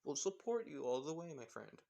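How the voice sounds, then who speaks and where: A relaxed, self-assured teenage boy who talks low and soft, easing his friend's nerves, as a man puts him on. His delivery stays hushed and unhurried, like a homemade fan story told out loud. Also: gravelly. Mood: reassuring. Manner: quiet, laid-back, soft-spoken. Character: calm, confident teen boy, supportive friend.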